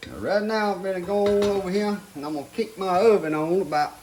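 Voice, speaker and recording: An older man with a drawl and a fairly high voice talks through a home cooking demonstration. He keeps it folksy and addresses his viewers directly. A faint sizzle of frying and pots clatters behind him. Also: steady tone, fast talker, a little mellow, slight background noise. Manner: folksy, talks to viewers as "guys" while working. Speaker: home cook. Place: home kitchen.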